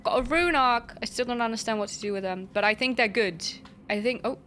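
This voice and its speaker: Playful, high-voiced woman streamer. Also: a little fast, a bit bright, slight background noise. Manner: playful, chatty, reads chat aloud and banters with viewers; swears casually and exclaims at enemies. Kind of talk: casual gaming livestream commentary.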